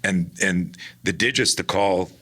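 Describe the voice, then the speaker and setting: A man talking casually in an interview about his work teaching personal defense, animated, acting out the people in his stories with many restarts. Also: low-pitched, a little slow. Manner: animated, acts out quoted dialogue, frequent restarts. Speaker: guest, personal defense instructor.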